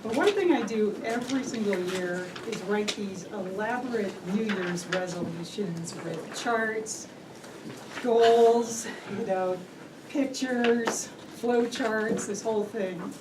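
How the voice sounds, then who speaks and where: A woman's voice: mid-range voice, takes it slowly. Female speaker with a light, self-deprecating manner, recorded from afar in a reverberant room. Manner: friendly, self-mocking, laughing lightly. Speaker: club speaker. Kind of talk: prepared persuasive speech. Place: meeting room. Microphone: room mic from a distance. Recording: echoey room, distant mic, background noise.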